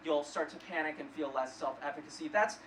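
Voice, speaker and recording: A man's voice: a little high, fairly quick, a bit bright. A young man performing a stand-up comedy set on a club stage, telling awkward, self-deprecating stories. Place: comedy club stage before a live audience. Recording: roomy, distant live club recording with heavy crowd noise.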